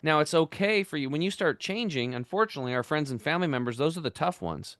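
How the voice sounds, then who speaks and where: A man in his fifties, a podcast guest, telling his story in an energetic, animated way. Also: on the high side, fast, no echo, clean studio sound. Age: 50s. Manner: energetic, animated, acts out quoted voices. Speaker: podcast guest, health entrepreneur. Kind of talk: casual storytelling interview.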